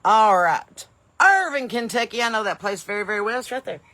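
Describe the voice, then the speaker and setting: Bright, chatty woman hosting a live stream. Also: fairly high pitch, expressive, fairly quick. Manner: folksy, upbeat, bursts of loud welcomes between rambling asides. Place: home porch in the evening.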